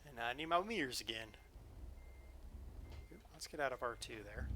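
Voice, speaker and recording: A man's voice: mid-range voice, animated, moderate pace, sharp tone, slight background noise. A man casually chatting with his viewers while playing a truck-driving game, joking around and explaining things as he goes. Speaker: streamer. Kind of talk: casual live gameplay chat. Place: home streaming setup.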